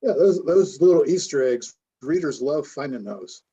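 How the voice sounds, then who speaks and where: A man's voice: on the high side, animated, normal speed, dark tone, slightly rough. Easygoing man from Florida on dull audio. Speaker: author guest. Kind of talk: casual chat.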